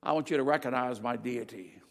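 An older man preaching a sermon with slides, emphatic and swinging between loud declarations and quiet asides. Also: mid-range voice, a little fast, gravelly. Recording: long reverb of a large hall.

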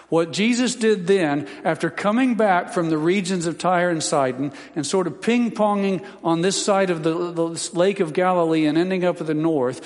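A male pastor delivering a sermon, his slightly higher voice carrying in a hall with a long echo. He teaches scripture in a folksy way, dropping joking asides along the way.

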